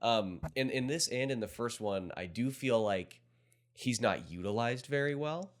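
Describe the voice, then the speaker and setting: A man's voice: medium pitch, lively intonation, normal speed. A man co-hosting a movie review podcast, chatting casually and making the odd joke. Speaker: podcast co-host.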